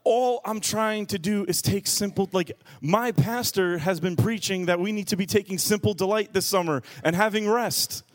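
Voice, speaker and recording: Animated man preaching a sermon. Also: high-pitched, moderate pace, hardly any pauses. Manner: animated, acts out other people's voices. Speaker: pastor. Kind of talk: sermon with comic storytelling.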